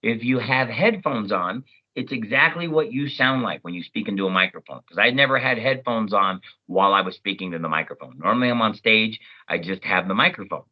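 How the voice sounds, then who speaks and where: A man, a voice actor, chatting as an interview guest and telling stories in an animated way. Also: on the low side, fairly quick, dull audio. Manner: animated, storytelling, jumps into character voices. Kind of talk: casual interview chat.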